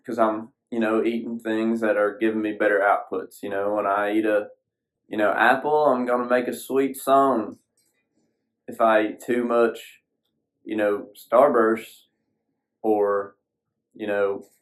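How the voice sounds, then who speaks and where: A man's voice: on the low side, low-quality recording. A man hosting a solo podcast, sitting alone at a screen, talking in a folksy, rambling way with casual swearing. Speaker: podcast host.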